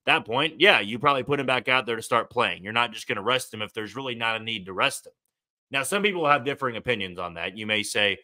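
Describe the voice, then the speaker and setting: Podcast host, male, very bright tone, chatty solo commentary with restarts. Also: medium pitch, lively intonation, fast talker. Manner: conversational, thinking aloud with fillers and restarts.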